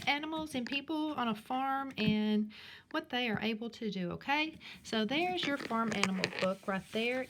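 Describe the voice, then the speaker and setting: A woman teacher speaking slowly and clearly in a sing-song way to young children in a recorded class, with her questions jumping high. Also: slight background noise. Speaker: primary school teacher. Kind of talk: recorded remote class lesson.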